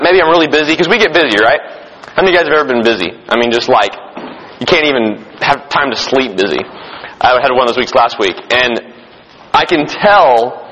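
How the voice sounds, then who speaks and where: A man's voice: a little high, sharp tone, a little hiss or hum. A man preaching an informal sermon as pastor, talking conversationally with frequent restarts and questions to the congregation. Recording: long hall reverb, dull lo-fi sound.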